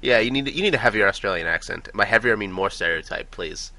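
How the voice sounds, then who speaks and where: Bright, lively-voiced male co-host. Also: on the low side, fast, no echo. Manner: playful teasing, bursts of laughter. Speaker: podcast co-host. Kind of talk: casual chat.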